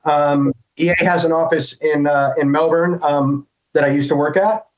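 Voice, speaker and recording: A man's voice: a little high, fairly even intonation, moderate pace. Middle-aged American man, rambling, lo-fi. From United States. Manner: rambling, thinks aloud with many restarts. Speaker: guest voice actor. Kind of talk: casual interview chat. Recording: dull lo-fi sound.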